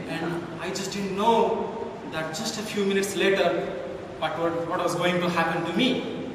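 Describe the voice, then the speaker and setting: A man's voice: high-pitched, steady tone, measured pace, a bit bright, a little hiss or hum. A man from India delivering a humorous contest speech, telling a story animatedly and acting out the dialogue. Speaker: contest speaker. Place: hall with a live audience. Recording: echoey hall from far off.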